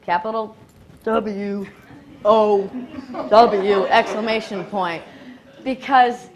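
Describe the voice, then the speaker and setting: A woman giving an excited, grateful acceptance speech at a live award event, laughing often and nervous enough that her hands shake. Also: mid-range voice, drawn-out words, a little hiss or hum.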